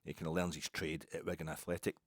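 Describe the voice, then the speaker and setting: A man's voice: sits low, little pitch movement, fast talker, no room sound, studio quality. A middle-aged man, hosting a solo podcast and rambling from one football story to the next. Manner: rambling, digressive football chat. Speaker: podcast host.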